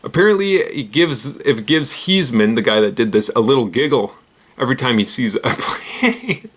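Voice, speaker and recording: Guy hosting a goofy news roundup, giggles a lot, trips on words, mid pitch. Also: expressive, normal speed, breathy edge. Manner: rambling, giggly, self-deprecating. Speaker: host.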